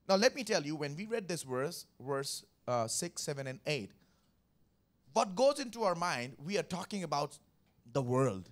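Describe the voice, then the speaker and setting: A high-pitched man preaching a Sunday morning sermon. He is emphatic, repeats his key lines for weight and keeps asking the congregation to answer back. He walks through scripture one verse at a time. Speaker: pastor.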